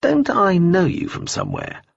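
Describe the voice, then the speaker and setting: A man's voice: high voice, huge pitch swings, normal speed, gravelly, slightly rough, pitched above the performer's own voice, heavily acted. A man voicing a guarded but charming man, easy and playful in manner, in a dull lo-fi audiobook recording. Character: charming wary man flirting, sly, guarded.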